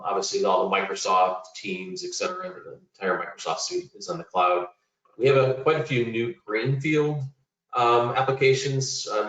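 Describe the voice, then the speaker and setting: A man's voice: on the low side, fairly bright tone. A man, a technology executive, introducing himself on an online panel in a matter-of-fact way. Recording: roomy, distant, muffled call audio.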